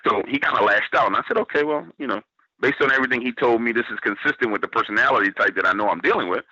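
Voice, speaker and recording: Bright, husky-voiced Southern man telling a story. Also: mid-range voice, racing, no echo, highs cut off. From New Orleans, Louisiana, US. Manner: relays the story by quoting what others said, with frequent restarts. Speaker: guest storyteller. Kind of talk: casual spoken storytelling on a radio show.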